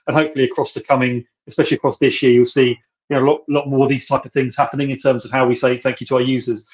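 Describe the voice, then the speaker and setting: A man's voice: medium pitch, darkish tone. A man hosting a company podcast, thanking the listeners in a rambling way and saying "you know" over and over. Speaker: podcast host. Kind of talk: podcast interview. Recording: dull lo-fi sound.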